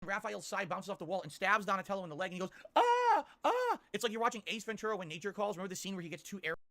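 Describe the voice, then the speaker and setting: A man's voice: high voice, very fast, sharp tone. A man ranting on a stream, complaining insistently and asking "okay?" again and again.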